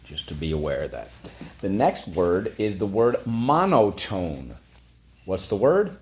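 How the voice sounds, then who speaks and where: A man's voice: deep voice, very animated, unhurried, a little mellow, slightly rough. A man teaching a phonics lesson, breaking words into syllables and prompting listeners to repeat.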